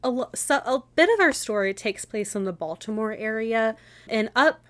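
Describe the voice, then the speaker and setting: A woman's voice: on the high side, expressive, normal speed, fairly bright tone. A woman co-hosting a history podcast, chatty and enthusiastic with frequent laughs. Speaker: podcast co-host. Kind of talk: casual history podcast chat.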